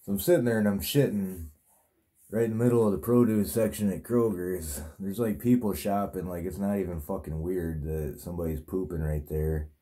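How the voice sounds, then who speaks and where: Low, dark-voiced man rambling crudely. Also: steady tone, moderate pace. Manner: crude, profane, meandering with many fillers. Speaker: vlogger telling a dream. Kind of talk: rambling casual monologue.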